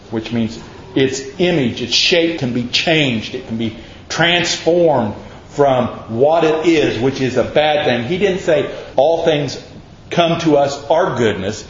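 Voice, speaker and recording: A man preaching a sermon in an earnest, emphatic way, with a pastor's steady build and repetition. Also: a little high, slight background noise. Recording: echoey, dull lo-fi church recording.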